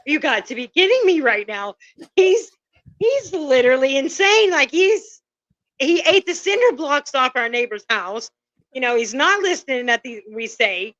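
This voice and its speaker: A woman's voice: sits high, expressive, a little slow, bright, forceful tone, no room sound. A woman on a casual show, telling family stories and laughing often. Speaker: guest. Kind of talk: casual chat. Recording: muffled lo-fi sound.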